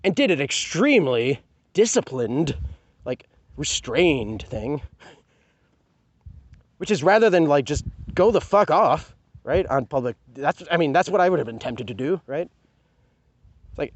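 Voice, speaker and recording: A man's voice: fairly high pitch, big pitch swings, a little slow, long pauses, dry recording, highs cut off. A man venting in a heated, profane rant to camera, sarcastic and full of rhetorical questions. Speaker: vlogger. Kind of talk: angry personal rant to camera.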